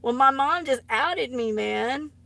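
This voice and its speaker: A woman's voice: high voice, lively intonation, slow pace, gravelly, sharp tone, no room sound. A woman chatting casually on a live stream, giggly and teasing, often dropping into embarrassed whispers. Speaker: artist live-streaming to viewers. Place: home art studio.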